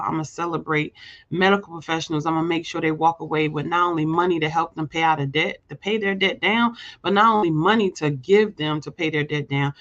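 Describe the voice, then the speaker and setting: A woman's voice: low-pitched, fairly bright tone. Fired-up motivational woman, lo-fi audio. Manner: emphatic and preachy, repeats phrases, asks "right?"; addresses viewers as "y'all". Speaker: host of a live show; healthcare staffing agency owner. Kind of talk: motivational live-stream talk.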